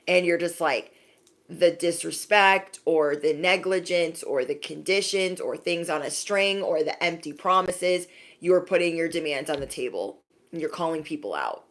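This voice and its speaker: A young adult woman giving a sassy, animated spiritual pep talk to her viewers, acting out little scenes as she goes. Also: deep voice, normal speed. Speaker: intuitive reader.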